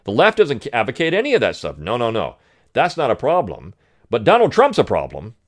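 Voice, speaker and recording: A man's voice: medium pitch, wildly swooping pitch, a little fast. A man hosting a political commentary podcast, talking in a sarcastic, mocking way. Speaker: podcast host.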